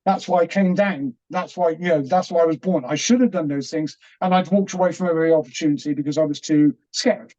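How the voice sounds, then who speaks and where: A middle-aged man, earnest and halting, telling a personal story as an interview guest with many restarts. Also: on the high side, warm tone. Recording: dull, muffled audio.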